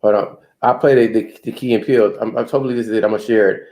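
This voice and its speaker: A man's voice: mid-range voice, steady tone, rapid-fire, warm tone. A man hosting a casual livestream chat, laid-back and full of "man" and "dude". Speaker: livestream host.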